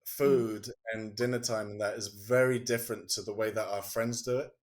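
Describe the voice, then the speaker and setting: A man talking as a podcast guest, telling a personal story in a casual, halting way and acting out what people said. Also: on the low side, fairly even intonation. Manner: storytelling, acting out quoted speech; halting, restarts sentences. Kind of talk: casual conversation.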